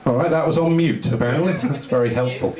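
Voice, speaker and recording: Talking fast in a darkish, medium-pitched voice, a man works through a stand-up set, rambling, poking fun at himself and chatting with the crowd. The live venue sounds roomy, with audience laughter.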